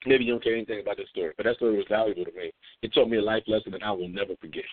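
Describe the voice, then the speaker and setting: A man's voice: on the low side, steady tone, very fast, few pauses, no echo. A man hosting a conversational devotional talk, telling a story with lots of fillers and repeats. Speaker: devotional host. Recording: phone-like dry recording.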